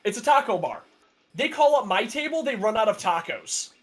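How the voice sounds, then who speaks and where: A man's voice: high voice, big pitch swings, normal speed. A young man chatting casually on a podcast, telling a long story with many fillers and restarts, sarcastic and laughing often. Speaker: podcast co-host. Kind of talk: casual chat.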